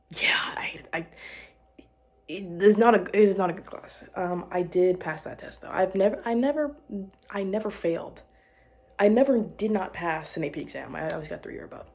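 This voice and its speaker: A young woman with a slightly low, breathy voice rambles through a personal story, correcting herself mid-sentence and giggling along the way. The talk is loose and casual, like chatting with a friend. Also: moderate pace, darkish tone. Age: young adult. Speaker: vlogger. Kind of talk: casual chat.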